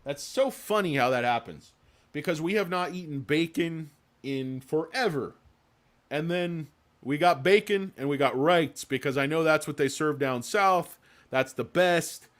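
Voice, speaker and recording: A man's voice: a little high, unhurried. A man hosting a livestream in casual chat, rambling and joking with lots of swearing. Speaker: livestream host.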